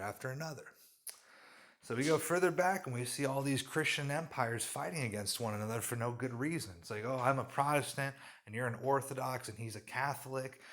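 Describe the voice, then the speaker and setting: A man delivers a fervent religious monologue in a mid-range voice. He makes sweeping claims, sometimes jumping up in sudden loud bursts and sometimes dropping to quiet asides. The delivery is unscripted and driven. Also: mid-range voice. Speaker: religious commentator.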